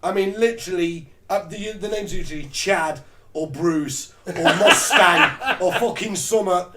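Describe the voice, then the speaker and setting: A man co-hosting a crude comedy chat, animated and mocking, swearing a lot. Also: high voice, unhurried, slight background noise. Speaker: co-host.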